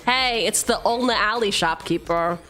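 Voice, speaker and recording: A woman's voice: mid-range voice, normal speed, pushed and bright, faint music behind. A woman streamer chatting casually and swearing freely while opening card packs, laughing often.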